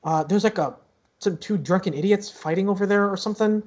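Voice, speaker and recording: A man's voice: sits high, brisk, voice pushed up, lightly acted. A man voicing a fed-up, grumbling male town officer in a tabletop game. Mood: annoyed.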